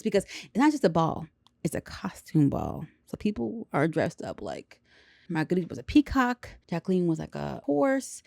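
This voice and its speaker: Animated woman recapping a movie, slangy. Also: on the low side, creaky, dry recording, studio quality. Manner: animated, slangy, acts out characters' lines. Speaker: movie reviewer.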